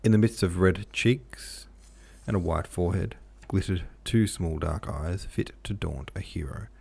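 Audiobook narrator, male, low and gravelly, measured delivery. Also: darkish tone. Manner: measured, occasionally self-correcting. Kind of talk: reading a classic novel aloud.

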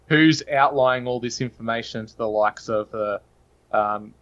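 A man's voice: medium pitch, measured pace, fairly bright tone, lo-fi sound. A man with an Australian accent, a podcast guest talking in long, earnest, opinionated runs. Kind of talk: casual podcast chat.

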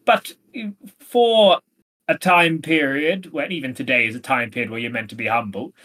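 This male podcast co-host has a mid-range voice, animated and pushed bright, at a moderate pace. He discusses a play casually, rambling along with lots of fillers and hedging.

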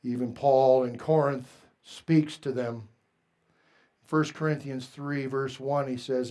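A man preaching a sermon as pastor, earnest and plain-spoken, moving between hushed confession and loud exhortation. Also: on the high side, a little slow.

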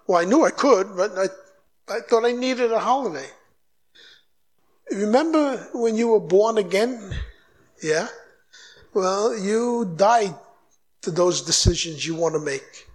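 A high-voiced man, appearing as a guest preacher, exhorts his audience with real energy. He acts out short dialogues, throws rapid questions at them, and lets his voice rise as he presses his point.

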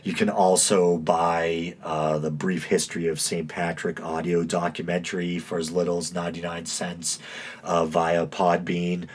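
A man's voice: low voice, level tone, unhurried, breathy edge. A man with a droning, stuffy-nosed East Coast accent hosting a casual solo podcast, dry and self-mocking, with many uhs. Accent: East Coast American. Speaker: podcast host.

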